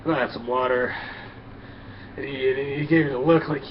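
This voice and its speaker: A man's voice: medium pitch, fairly even intonation, fairly quick, long pauses, slight background noise. A man delivering a crude, blunt comedic rant in casual talk, often repeating himself and stumbling over words. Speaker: vlogger. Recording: dull lo-fi.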